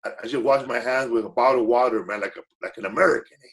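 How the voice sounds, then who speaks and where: A guest comedian tells stories casually, rambling, correcting himself and slipping into Spanish phrases with a laid-back air. His medium-pitched, gravelly voice races along over a noisy background.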